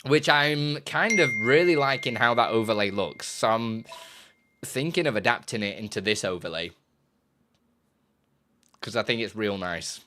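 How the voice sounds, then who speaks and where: A man's voice: on the low side, expressive, normal speed, pauses often, pushed and bright, a little hiss or hum. A man chatting casually on a live stream, rambling and correcting himself as he explains his setup, often laughing.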